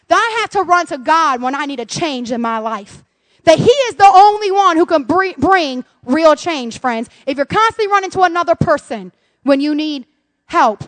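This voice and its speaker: A woman in her thirties preaching a sermon, lively and playful, acting out quotes with sudden loud bursts. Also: high-pitched, dry recording. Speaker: pastor.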